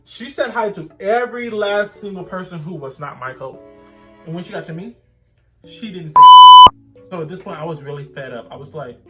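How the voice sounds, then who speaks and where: Animated man telling a story. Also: high voice, normal speed, loud music behind the voice. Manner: animated, rambling with frequent restarts. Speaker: vlogger. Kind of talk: casual storytelling to camera.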